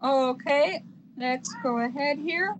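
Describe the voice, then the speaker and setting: A woman's voice: high voice, takes it slowly, noisy background. A woman chairing a virtual board meeting, reading agenda items formally with hesitant fillers.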